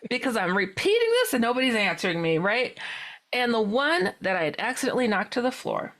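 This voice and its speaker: Talking a little fast, a paranormal author on a podcast tells an animated personal story. She laughs often and acts out what she once said, with her pitch jumping abruptly.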